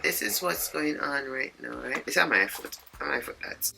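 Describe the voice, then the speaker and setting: A middle-aged woman with a Jamaican accent chatting to camera in her home office, hoarse and raspy from being sick, chatty and talking to herself in asides. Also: rumbling low, normal speed, noisy background. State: hoarse, sick with sore throat. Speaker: vlogger. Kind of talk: casual vlog chat to camera.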